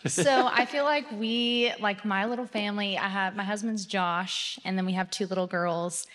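Young woman, church testimony, chatty and animated, long hall echo. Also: mid-range voice, moderate pace. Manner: chatty, filler-heavy, excited retelling. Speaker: church member giving testimony. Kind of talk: personal testimony. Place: church sanctuary.

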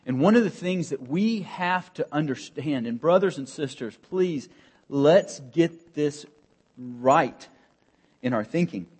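A man preaching a sermon as pastor, earnest and emphatic, with pauses and rising emphasis. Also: medium pitch, darkish tone.

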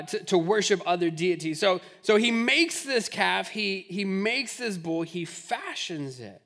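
A male pastor in his thirties preaches a lively sermon in a church. His voice sits high and sounds bright and forceful, and he jokes as he acts out the people in the scripture.

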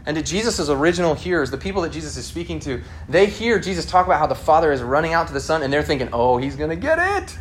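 Lively, conversational male preacher. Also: on the high side, racing, few pauses, slight background noise. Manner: conversational, acts out quotes. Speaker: pastor. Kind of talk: sermon.

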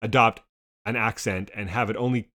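A man's voice: fairly low pitch, steady tone, pushed and bright. A man co-hosting a casual talk about TV episodes, rambling and restarting his sentences often. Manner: fast, rambling, many restarts. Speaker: podcast co-host. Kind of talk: casual TV discussion.

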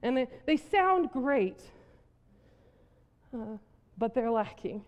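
A woman's voice: a little high, sing-song, slow, muffled recording. A woman pastor from South Dakota preaching a sermon, telling a story animatedly with frequent laughter. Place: church hall. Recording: long reverb of a hall.

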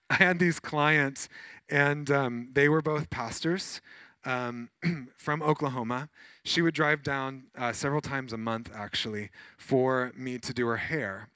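A man, a pastor, preaching a sermon in a conversational, animated way with many fillers as he tells personal stories. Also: mid-range voice, no echo.

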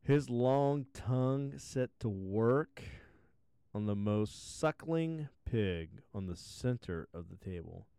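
A man's voice: mid-range voice, lively intonation, slow pace, dark tone, clean tone, dry recording, studio quality. A man hosting a podcast, retelling a fairy tale with crude, profane asides. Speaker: podcast host, storyteller.

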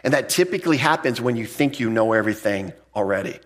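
A man's voice: animated, fast. Emphatic conversational male pastor. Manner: conversational and emphatic, with frequent restarts; jumps up in pitch to stress key points. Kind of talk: expository sermon.

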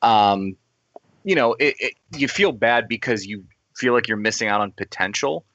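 A man's voice: on the low side, expressive, normal speed, fairly bright tone, dry recording, lo-fi sound. A man co-hosting a podcast in casual chat, speaking in a thoughtful, reflective, easygoing way. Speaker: podcast co-host.

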